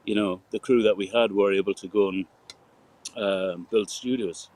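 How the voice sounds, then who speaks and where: A man from Newcastle with a softened Geordie accent, a guest telling stories in a rambling, casual interview over a video call. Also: fairly low pitch, steady tone, normal speed, rough recording. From Newcastle, England. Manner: rambling storyteller, laughs and fillers. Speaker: guest, sound engineer.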